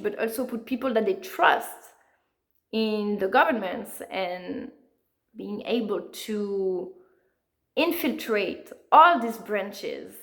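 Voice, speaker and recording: Brief: a woman author in an interview, earnest and animated, fillers throughout, voice a touch high. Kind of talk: conversational storytelling.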